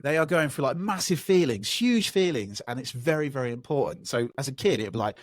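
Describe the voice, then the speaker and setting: A man's voice: medium pitch, brisk, few pauses, no room sound. A man in his thirties hosting a podcast, telling stories in a casual chat and acting out the voices of the people in them. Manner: animated storyteller who acts out voices. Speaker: podcast host.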